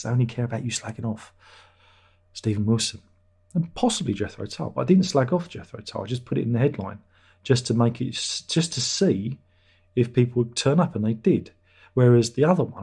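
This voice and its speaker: A man's voice: medium pitch, mellow, slightly rough. A man hosting a casual livestream chat, rambling and self-deprecating. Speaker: livestream host.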